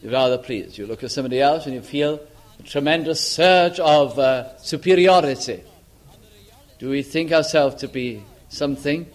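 Older male preacher, high voice, earnest questioning delivery with hushed emphasis. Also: moderate pace. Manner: earnest, questioning, drops to a hush on key lines. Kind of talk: sermon.

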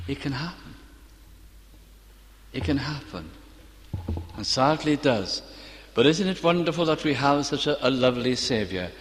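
An older man preaching a sermon, earnest and storytelling, reciting scripture slowly and tenderly. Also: medium pitch, lively intonation. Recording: long reverb of a church hall.

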